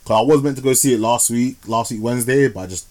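A man with a mid-range, slightly mellow voice talks quickly as he hosts a podcast. He reviews films casually, rambling and using plenty of slang.

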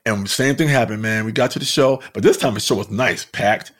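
A man's voice: on the low side, fairly quick. A man, a stand-up comedian, telling road stories casually with lots of swearing and laughter. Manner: animated, profane, laughs often. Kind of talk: casual storytelling.

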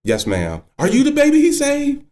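A woman's voice: rumbling low, a little slow, darkish tone. A man voicing an elderly churchgoing wife overcome with joy, shrieking and calling on the Lord. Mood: ecstatic. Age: older.

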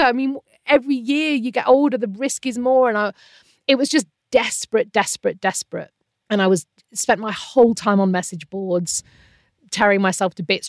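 A woman's voice: mid-range voice, dry recording, studio quality. A woman in her thirties, a guest telling a painful personal story in an earnest, emotional way. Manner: earnest, emotional, animated quoting of others.

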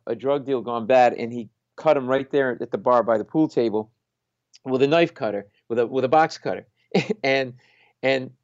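A man, a comedian, telling an animated anecdote in conversation, acting out the people he quotes and laughing as he goes. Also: mid-range voice, dry recording, lo-fi sound. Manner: acts out quoted voices, laughs mid-story. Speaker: stand-up comedian guest.

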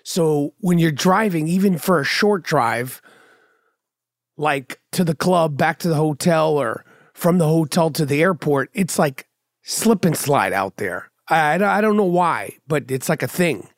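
A man's voice: on the high side, animated, measured pace, dry recording, studio quality. A middle-aged man hosting a podcast, rambling through a casual, profane and sardonic monologue. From New York. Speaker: podcast host.

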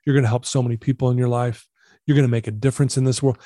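A man's voice: mid-range voice, little pitch movement, very fast, dark tone, no room sound, clean studio sound. A man telling a personal story as a podcast guest, earnest and confessional, acting out the dialogue he quotes. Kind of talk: storytelling interview.

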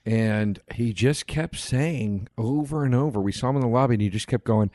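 Brief: male podcast host, casual anecdote, mid-pitch, dry close sound. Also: moderate pace, few pauses, a little mellow, no room sound. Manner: storytelling, acts out voices. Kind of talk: casual chat.

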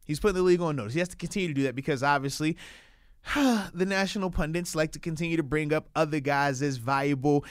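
A man's voice: a little high, quick pace, clean tone, dry recording, clean studio sound. A man co-hosting a casual sports podcast, talking in an emphatic, hyped and playful way, stretching words for effect.

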